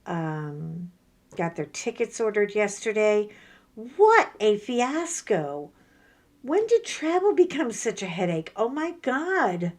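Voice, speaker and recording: A middle-aged woman, chatting casually about her day while she works on crafts, telling lively stories and acting out what people said. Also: mid-range voice, slow pace. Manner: chatty storyteller, animated, acts out quoted voices. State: sore from a workout. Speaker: crafting vlogger.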